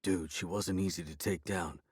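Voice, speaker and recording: A man's voice: on the low side, fairly quick, a little mellow, no room sound, studio quality, lightly acted. A man voicing a blunt young male wizard in an audiobook, talking casually and bluntly. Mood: hushed.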